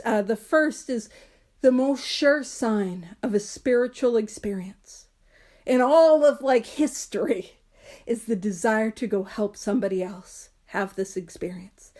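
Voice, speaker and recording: A woman's voice: a little high, darkish tone. A woman leading a study group, reading passages aloud and explaining them in an earnest, emphatic way with self-deprecating asides.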